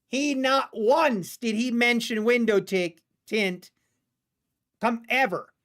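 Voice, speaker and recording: A man hosting a live trading stream, telling a rambling personal anecdote in a casual, animated way with frequent restarts. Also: high voice. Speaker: livestream day-trading host.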